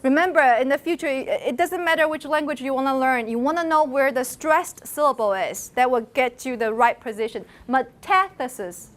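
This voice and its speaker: Middle-aged lecturer, female, high voice, lively, models sounds for her students. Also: brisk, hardly any pauses. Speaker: university lecturer. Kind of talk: classroom lecture on phonology. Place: lecture classroom.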